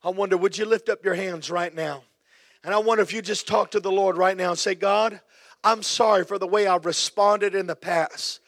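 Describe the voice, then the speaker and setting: Male pastor, middle-aged, high voice, repetitive fervent preaching. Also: fairly even intonation, normal speed, a bit bright. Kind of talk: sermon with prayer.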